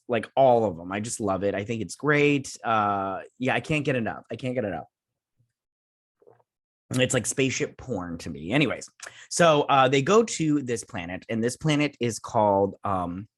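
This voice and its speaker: A man's voice: medium pitch, a bit bright, no echo, studio quality. A man hosting his own channel, reviewing a TV episode in a rambling, scatterbrained casual chat. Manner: rambling, scatterbrained, many restarts.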